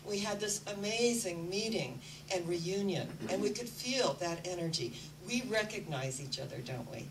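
A woman's voice: lowish voice, expressive, normal speed, recorded from a distance. Woman, spiritual teacher, earnest inspirational talk, set back from the mic with a faint hum underneath. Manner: earnest, storytelling.

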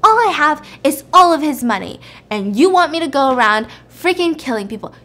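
A woman voicing a scheming widow who argues back in a loud, exasperated tone. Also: sits high, lively intonation, fairly quick. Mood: defiant.

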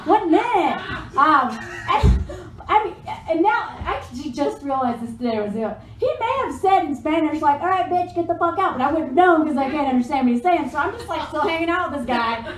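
A woman's voice: high-pitched, lively intonation, fairly quick. A young woman telling a comedic personal story, laughing often and swearing freely, recorded in an echoey room from a distance. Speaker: storyteller guest. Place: live show room.

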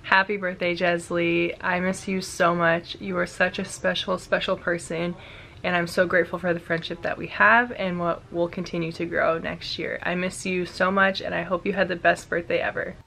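A teenage girl speaks tenderly in a low, flat voice with gravel in it. Her tone is bright and tense despite the low pitch. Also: normal speed, a little hiss or hum, poor audio. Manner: tender, heartfelt.

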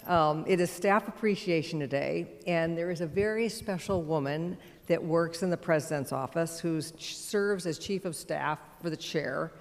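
A woman speaking as a board chair on a conference panel, measured and gracious, with frequent "um" and "uh". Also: low voice. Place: large conference hall stage. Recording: long hall reverb.

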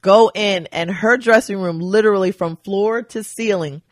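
Animated woman comedian telling a story, dry close sound. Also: mid-range voice, normal speed, dry recording. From New Jersey. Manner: animated, acts out other people's lines in quotes. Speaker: comedian guest. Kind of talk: casual podcast storytelling.

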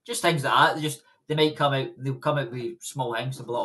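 Speaking fairly quickly in a sharp, mid-range voice, this young boxer from Scotland chats casually as an interview guest. He wanders through anecdotes with plenty of laughter, and there's a slight hiss or hum on the recording.

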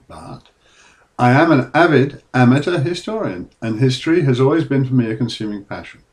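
A man's voice: medium pitch, darkish tone. Earnest man narrating his book. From England. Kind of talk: scripted documentary narration.

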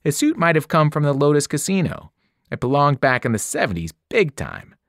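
A man narrating a novel aloud with expressive storytelling, his pitch rising and falling widely. The sound is dry and close, with no room around it. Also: fairly quick, no echo. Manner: expressive first-person narration with character voices. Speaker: teacher reading aloud. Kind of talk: audiobook narration.

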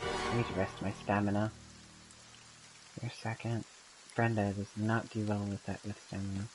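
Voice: low voice, little pitch movement, moderate pace, over loud music, rough recording. A young adult gaming channel host giving casual gameplay commentary, telling stories in a rambling way with lots of ums and sudden bursts of laughter.

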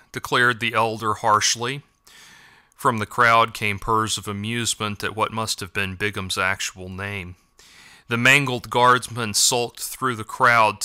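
Bright, crisp male narrator. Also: on the low side, dry recording, studio quality. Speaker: audiobook narrator. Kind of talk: scripted narration.

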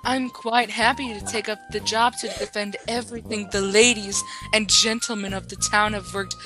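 A woman's voice: mid-range voice, flat delivery, moderate pace, over music, close to an everyday voice. Woman doing a suave pigeon schoolboy. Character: suave smooth-talking young male pigeon student. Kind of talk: reading game dialogue aloud.

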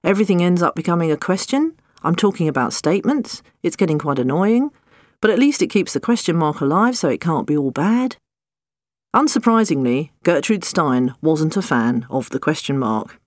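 A narrator reads a comic nonfiction audiobook with a dry, wry wit. The voice sits at a middling pitch and is recorded close and dry, with no room sound around it. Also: big pitch swings, moderate pace, no room sound.

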